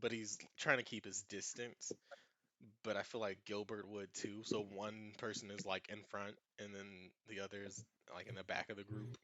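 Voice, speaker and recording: A man's voice: lowish voice, flat delivery, moderate pace, pushed and bright, no room sound. A man narrating a tabletop game as its game master, easygoing and often laughing.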